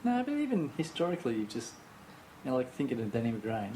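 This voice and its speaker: A man's voice: medium pitch, huge pitch swings, mellow, slight background noise, poor audio. A man, sharing football opinions in a casual podcast chat and often ending with tag questions. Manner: quick, musing football opinions, tags questions. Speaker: podcast co-host.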